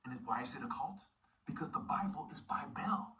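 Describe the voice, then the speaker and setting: A man's voice: fairly high pitch, big pitch swings, quick pace, bright, forceful tone, distant mic, poor audio. A man preaching an intense sermon monologue, often dropping into whispered asides. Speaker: self-styled preacher.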